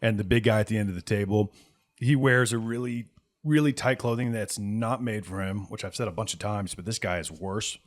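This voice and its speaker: A man's voice: on the low side, brisk. A man narrating a tabletop game as game master in a casual, chatty way with many fillers.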